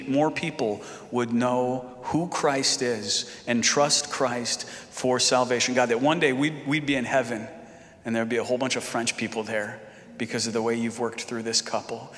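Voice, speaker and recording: A man's voice: mid-range voice, fairly bright tone. A man leads a congregation in prayer, his earnest phrasing circling back on itself and dotted with fillers. His voice sits in a middle range for a man. Long reverb from the church sanctuary trails each line. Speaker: pastor and interpreter. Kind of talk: congregational prayer and live interpreting.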